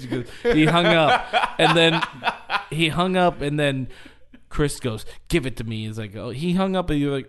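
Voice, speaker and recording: Laughing, animated man retelling a story. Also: fairly high pitch, normal speed. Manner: animated storytelling, acting out quotes, laughing often. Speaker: podcast host. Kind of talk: casual chat.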